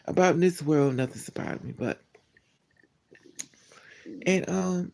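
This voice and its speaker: A man hosting a livestream, telling a personal story to his viewers in a candid, animated, blunt way. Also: on the high side, a little slow, creaky. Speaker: livestream host. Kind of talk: casual storytelling to a live chat.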